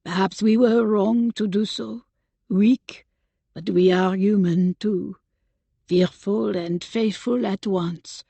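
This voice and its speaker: Woman narrator playing a middle-aged French nun, French accent, wry and grave, slow. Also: mid-range voice, fairly even intonation, gravelly, dark tone, husky, dry recording, full character voice. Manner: wry, earnest, deliberate.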